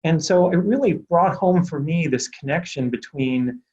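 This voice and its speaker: A man's voice: fairly high pitch, moderate pace, darkish tone, lo-fi sound. A middle-aged man, a pediatric doctor, earnestly telling a story from his training in an interview. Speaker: pediatric doctor, healthcare executive. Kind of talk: interview answer, personal story.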